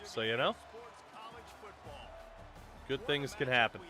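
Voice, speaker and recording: A male streamer talking over a video game in a relaxed, joking way, quick to break into laughter. His voice is bright and forward, his pace slow and easy. Soft music plays faintly under him. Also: mid-range voice. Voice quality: laughs often, loose and joking. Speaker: gaming streamer. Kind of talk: casual live-stream commentary.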